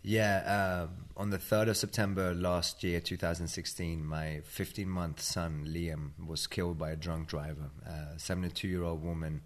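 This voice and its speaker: A man from Sweden with a British-tinged accent, a tired interview guest speaking in a measured, matter-of-fact way. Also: sits low, flat delivery. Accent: British-tinged Swedish. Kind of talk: interview conversation.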